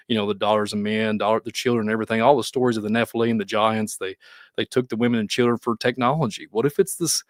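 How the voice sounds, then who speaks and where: Kentucky man, low voice, rambling. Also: dry recording, studio quality. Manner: animated, rambling, laughs often. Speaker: podcast host. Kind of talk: casual conversation.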